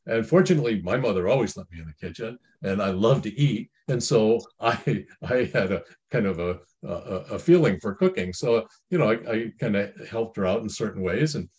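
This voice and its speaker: A man's voice: on the low side, a little mellow. A middle-aged man giving informal Christian family counsel. He comments on a reading in a rambling, folksy way, with many restarts and asides.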